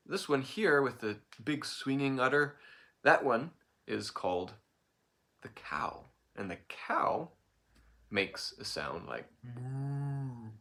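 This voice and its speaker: Male storyteller, casual folk tale, playful, gravelly, bright. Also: mid-range voice. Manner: lively, playful, with animal noises.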